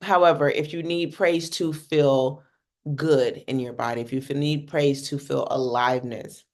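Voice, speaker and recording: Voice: mid-range voice, fairly even intonation, measured pace. A communication coach from North America giving a workshop teaching talk in a casual, blunt manner, swearing freely and often checking in with "right?".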